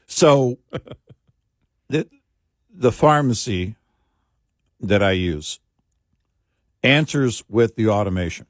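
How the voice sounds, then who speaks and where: Low-voiced radio co-host, a man. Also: expressive, slow pace, pauses often, no room sound, studio quality. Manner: storytelling, imitates phone menus in a mocking voice. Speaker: radio talk show co-host. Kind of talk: casual radio talk. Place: radio studio. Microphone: studio microphone.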